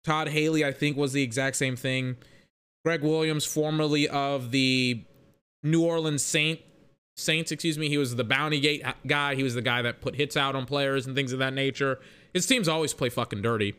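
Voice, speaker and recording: A man's voice: medium pitch, fairly even intonation, normal speed, fairly bright tone, smooth. A young man in a casual, rambling sports rant that is profane and full of self-corrections.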